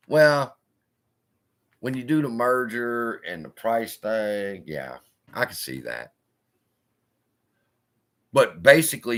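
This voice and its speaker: Guy cussing his way through a live stock stream, voice bouncing up and down a lot. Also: medium pitch. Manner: profane, blunt, animated storytelling. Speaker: investing channel host.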